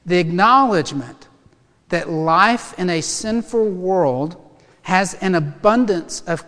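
A male pastor preaching a sermon, animated and emphatic, with touches of humor. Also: sits high, in a large hall.

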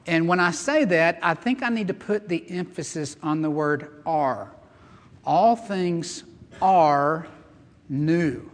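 A man's voice: fairly high pitch, moderate pace, few pauses, fairly bright tone, big-room sound. A man preaching a sermon as pastor, earnest and emphatic, mixing scripture reading with chatty asides. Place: church sanctuary.

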